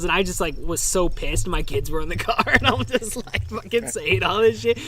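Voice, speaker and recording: High-voiced swearing podcast host man. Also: moderate pace, few pauses, sharp tone. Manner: profane, laughs often. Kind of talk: casual podcast chat.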